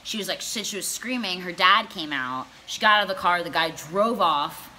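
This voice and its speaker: A woman's voice: lowish voice, lively intonation, normal speed, sharp tone, a little hiss or hum. A young woman telling a comedic storytime vlog, brash and profane, laughing as she goes. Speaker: comedy vlogger.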